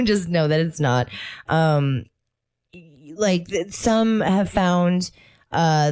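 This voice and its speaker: A woman's voice: low-pitched, darkish tone, smooth. A woman co-hosting a casual talk show, chatty, laughing often, with many fillers. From Italian heritage. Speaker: podcast co-host. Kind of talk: casual chat.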